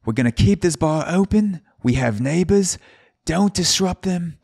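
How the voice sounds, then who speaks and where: A man putting on a rough Australian accent to play a brash, loud male bartender announcing bar rules. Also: expressive, unhurried, dry recording, clean studio sound, exaggerated voice. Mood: bossy. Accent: Australian, admittedly poor imitation. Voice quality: shouty, high and punchy.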